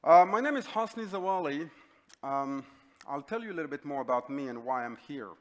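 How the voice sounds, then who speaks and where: A middle-aged man from North Africa gives a talk as a keynote speaker. He tells his story in an animated, conversational way, full of fillers and sudden rises. His voice sits a little high for a man. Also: brisk, slight background noise.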